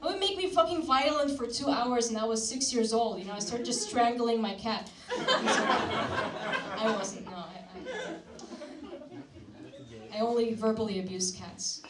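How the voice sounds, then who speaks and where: A young woman from Syria doing a crude, deadpan stand-up comedy set on a club stage, slipping into mocking put-on voices. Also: fairly high pitch, unhurried, very noisy. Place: comedy club stage before a live audience. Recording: roomy club sound from a distance, loud crowd laughter.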